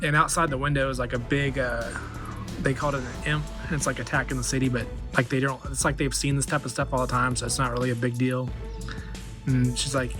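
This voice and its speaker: Man in his forties, toy collector, rambling casual recap, flat mid-pitched voice, soft music behind. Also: a little fast. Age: 40s. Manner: rambling, many fillers. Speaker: toy collector video host. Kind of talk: casual movie recap with action figures.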